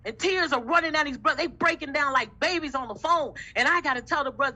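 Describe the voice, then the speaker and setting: A woman's voice: sits high, fast, hardly any pauses, bright, forceful tone, low-quality recording. A woman giving an impassioned testimony in a faith discussion, emphatic and repetitive with a preaching cadence. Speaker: group discussion member.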